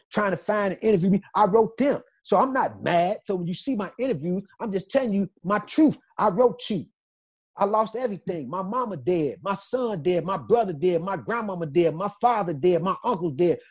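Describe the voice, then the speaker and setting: Husky-voiced man, emphatic and insistent. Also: high voice, a little mellow. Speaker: interview guest. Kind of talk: emotional interview testimony.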